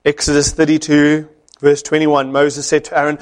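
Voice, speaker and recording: A man preaching a sermon, telling a story in an animated way with dramatic pauses. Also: a little high.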